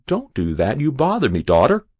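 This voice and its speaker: A man's voice: medium pitch, huge pitch swings, moderate pace, a little mellow, husky, dry recording, pitched above the performer's own voice. A man reading the lines of a dying old woman who is peevish and scolding. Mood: testy. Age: older. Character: dying old woman, stubborn and sharp-tongued.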